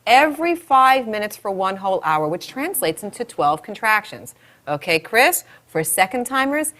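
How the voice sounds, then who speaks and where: A woman who teaches childbirth, talking expectant mothers through labor and acting out scenarios as she goes. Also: mid-range voice. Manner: animated, acts out scenarios. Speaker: childbirth educator. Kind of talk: instructional talk to expectant mothers.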